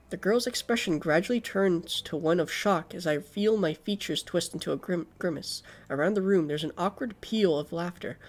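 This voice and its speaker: A man's voice: high voice, moderate pace, few pauses. A man streaming a game, reading it aloud and chatting casually, sleepy and yawning, swearing often. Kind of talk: game stream chat and narration.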